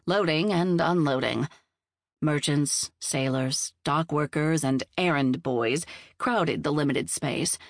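Audiobook narrator, female, low and dry, measured storytelling. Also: no room sound. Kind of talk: scripted narration of a novel.

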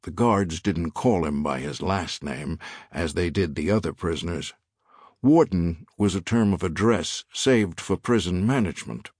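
A man narrating an audiobook in a measured, expressive reading style. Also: sits low, dry recording, clean studio sound. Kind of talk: scripted narration.

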